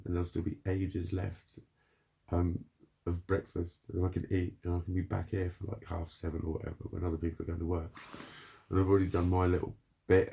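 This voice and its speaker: A man's voice: low voice, gravelly, dark tone, husky. A man rambling casually in a spoken video diary, swearing often and laughing between thoughts. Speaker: vlogger.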